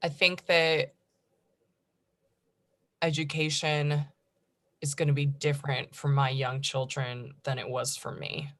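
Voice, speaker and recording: A woman in her thirties from the United States, speaking as a panelist in a conference discussion, chatty and animated. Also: low voice, slow pace, long pauses.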